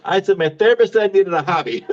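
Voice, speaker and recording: Fifties guy doing a stand-up set, pretty high voice, cracks himself up, kinda muffled recording. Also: lively intonation, quick pace. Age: 50s. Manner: self-mocking, laughs at his own jokes. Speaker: stand-up comedian.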